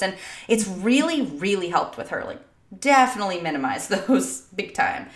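A woman's voice: mid-range voice, very animated, normal speed, reverberant. A woman in her thirties co-hosting a podcast from home, chatty and laughing often. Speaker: podcast co-host. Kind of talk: casual chat. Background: dogs barking.

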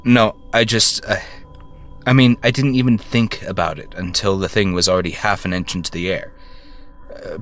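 A man telling a first-person story, narrating in a halting way with stammered self-corrections. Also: deep voice, bright, forceful tone.

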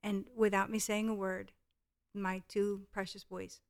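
A woman's voice: medium pitch, flat delivery, unhurried. A middle-aged woman guest telling a personal parenting story in an earnest, heartfelt way. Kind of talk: storytelling in conversation.

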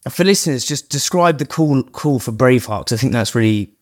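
A man's voice: medium pitch, expressive, a little fast. A man hosting a podcast interview, chatty and swearing freely as he sums up lessons for listeners. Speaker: podcast host. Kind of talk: casual interview chat.

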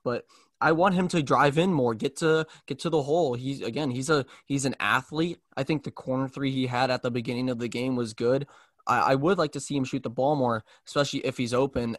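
A young man hosting a sports podcast, chatting casually in a halting way with frequent restarts. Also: medium pitch, a bit bright, dry recording, clean studio sound. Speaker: podcast host.

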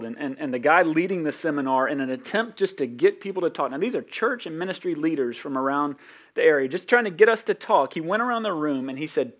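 A middle-aged man with a Southern accent, a pastor giving a sermon in a conversational, self-deprecating way. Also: mid-range voice. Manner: conversational, self-deprecating, with quick acted asides.

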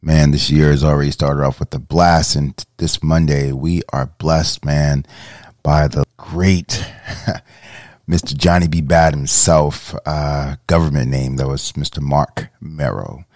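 Slow, very deep-voiced male host. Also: fairly even intonation, a little mellow, dry recording, studio quality. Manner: loose and conversational, with many fillers. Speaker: podcast host. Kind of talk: podcast introduction.

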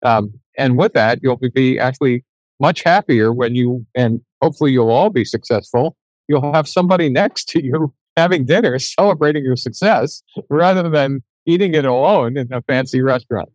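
An older man telling a story as an interview guest, animated and acting out the dialogue in his anecdotes. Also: mid-range voice, moderate pace, dry recording, rough recording.

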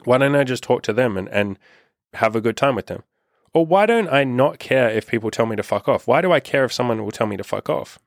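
A man's voice: mid-range voice, expressive, brisk, vocal fry, no room sound, clean studio sound. A man giving blunt, profane dating advice in a casual monologue, acting out rude exchanges along the way. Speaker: dating coach.

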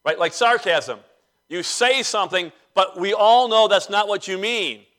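A man preaching a sermon as pastor of a church, conversational with dry humor and pauses. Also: high voice, a bit bright.

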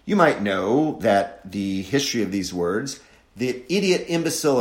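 Sardonic man in a roomy echo. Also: mid-range voice. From Wisconsin, USA. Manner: sardonic, mocking, mimics voices for emphasis. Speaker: commentator. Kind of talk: opinionated monologue.

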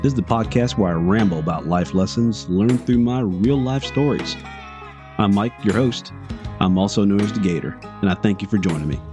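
A man's voice: fairly low pitch, lively intonation, normal speed, music in the background. A middle-aged man hosting a podcast, telling a story in a folksy, rambling way.

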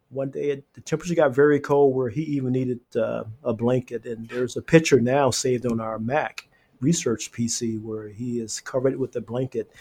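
Earnest halting man, many fillers. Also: mid-range voice, mellow, breathy edge. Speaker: radiology reading room coordinator. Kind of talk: podcast interview answers. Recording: podcast interview.

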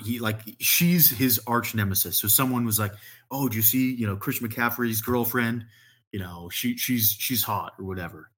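A man with a low, husky voice rambles through a casual podcast story. He fills his sentences with "like," restarts often, and laughs his way through the funny parts. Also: fairly bright tone. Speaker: podcast guest. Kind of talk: casual chat.

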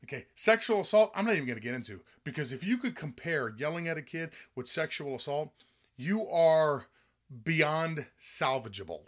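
A man's voice: on the high side, lively intonation, moderate pace. A man hosting a commentary show, talking bluntly and sarcastically in a heated rant, often checking in with "okay?". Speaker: podcast host. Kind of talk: opinionated commentary monologue.

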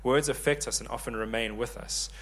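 A man in his thirties preaching a sermon, lively and joking with the congregation. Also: mid-range voice, brisk. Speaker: pastor.

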